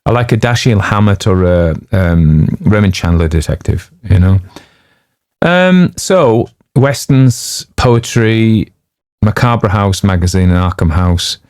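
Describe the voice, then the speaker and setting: A man's voice: fairly low pitch, expressive, slow pace, darkish tone, dry recording, clean studio sound. A man chatting casually before reading a story, rambling off on digressions, with lots of fillers and jokey asides. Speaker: audiobook narrator introducing a story.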